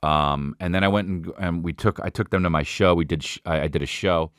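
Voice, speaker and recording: A man's voice: sits low, fairly even intonation, fairly quick, fairly bright tone, no room sound, studio quality. A man in his forties hosting a podcast, telling stories in a rambling, profane way full of restarts. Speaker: podcast host. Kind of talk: casual storytelling monologue.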